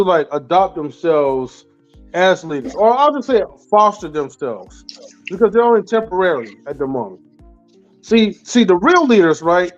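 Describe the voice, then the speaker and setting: High-voiced man on a dull lo-fi line. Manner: loose, stammers on restarts, slangy. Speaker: podcast co-host. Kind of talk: casual chat.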